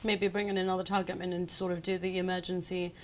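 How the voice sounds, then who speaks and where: A woman's voice: fairly low pitch, level tone, a little hiss or hum. A woman hosting a football show, leading a casual chat with wry asides. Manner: chatty, wry, quick asides. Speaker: host.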